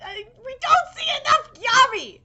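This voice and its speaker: A young woman giving excited live reaction commentary on an anime episode, gushing and swearing freely with squealing outbursts. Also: very high-pitched, unhurried, muffled recording.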